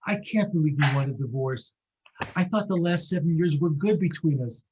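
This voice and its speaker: A man's voice: on the high side, normal speed, darkish tone, muffled recording, slight background noise, close to an everyday voice. An actor playing a husband who urgently begs his estranged wife not to divorce him. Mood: pleading. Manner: begging, urgent. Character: pleading husband facing divorce.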